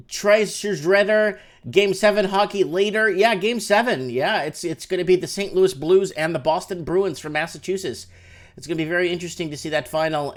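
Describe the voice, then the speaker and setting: A man hosting a live call-in show from his home, talking in an animated rant that swings between low mutters and loud outbursts. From Canada. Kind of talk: excited casual live-stream rant. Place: home room with window open.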